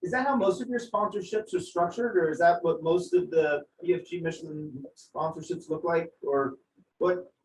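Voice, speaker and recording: A man's voice: a little high, normal speed, darkish tone. A man hosting an interview, explaining terms and asking leading questions. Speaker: interview host. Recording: roomy, distant mic with faint noise.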